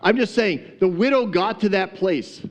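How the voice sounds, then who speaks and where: Humorous preacher telling a story. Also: male voice, high-pitched, normal speed. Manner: humorous, laughs often, acts out the story. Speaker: pastor. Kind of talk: sermon storytelling.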